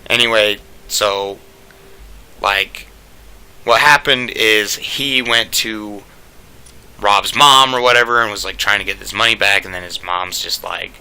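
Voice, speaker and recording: A man's voice: on the low side, fairly even intonation, unhurried, vocal fry, bright, forceful tone, clear, resonant tone. A young man telling a casual storytime rant, rambling and profane, packed with "like" fillers.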